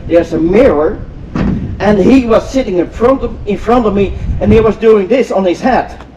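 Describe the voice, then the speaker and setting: A man's voice: high-pitched, normal speed. Older man from Europe, telling a story. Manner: animated, acts out dialogue, repeats phrases. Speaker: inspirational speaker. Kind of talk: storytelling talk to an audience. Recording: distant mic with faint vehicle noise.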